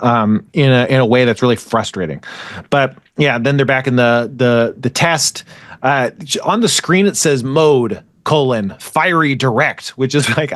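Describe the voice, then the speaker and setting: A man at a mid pitch talks through a recap in a relaxed, rambling way, restarting sentences and filling pauses. His voice sits close to the mic in a dry, deadened space. It sounds like casual podcast chat. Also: no room sound. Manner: rambling, filler-heavy retelling with restarts. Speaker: podcast host recapping an anime.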